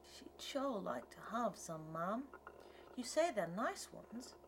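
A woman's voice: a little high, sing-song, slow pace, voice pushed up, full character voice. A folksy traveling tinker man with a rustic, ungrammatical way of talking, as a woman reads him aloud. He wheedles and pleads to sell his mending work, in a slightly raised voice. A faint hiss runs under the storybook reading. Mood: friendly. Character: folksy wandering male tinker, pleading salesman. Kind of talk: audiobook character reading.

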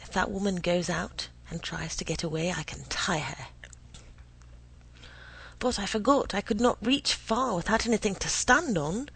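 A woman's voice: medium pitch, creaky, a bit bright, breathy edge, no echo, low-quality recording. A woman giving a dramatic reading of a first-person story, often sinking into an unvoiced whisper, with an unsettled, feverish delivery. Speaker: reader.

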